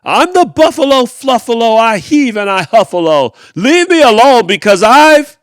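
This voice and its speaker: A huffy, puffed-up storybook buffalo, loud and full of bluster, as a man puts him on. The voice swings up and down widely and sits in a close, dry sound with no room around it. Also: very high-pitched, big pitch swings, moderate pace, dry recording, voice pushed up. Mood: bellowing. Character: grumpy huffy male buffalo, blustering and proud. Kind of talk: storybook read-aloud.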